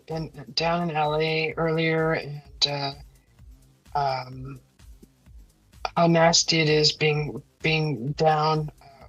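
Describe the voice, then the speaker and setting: A middle-aged woman chats on her live stream, her voice still sickly from a sore throat. She speaks slowly in a lowish voice, rambling and laughing as she greets viewers. The sound is dry and a little dull, with faint music behind her. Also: dry recording. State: sick, throat still weak. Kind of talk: casual live stream chat. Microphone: computer microphone for live stream.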